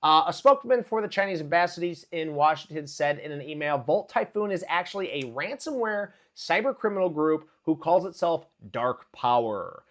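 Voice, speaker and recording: Hyped high-voiced stock streamer. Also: male voice, lively intonation, moderate pace, few pauses, a bit bright. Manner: hyped, chatty, greets viewers by name. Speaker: livestream market commentator. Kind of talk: live-streamed market news chat.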